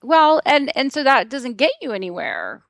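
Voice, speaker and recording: Woman, middle-aged, podcast guest, animated, laughs a lot, dry close sound. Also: high-pitched, normal speed, gravelly, no room sound. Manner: lively, laughs often, acts out quotes. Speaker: guest author. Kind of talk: casual podcast interview. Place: lives in Texas.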